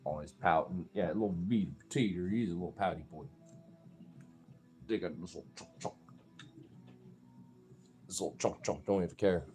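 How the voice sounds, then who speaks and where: A man with a fairly low voice in loose, profane, rambling chat, stumbling over restarts. He talks to his pets in a high, goofy baby voice. Faint music sits behind him. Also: moderate pace, pauses often, a little mellow. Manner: high playful baby talk when addressing his pets.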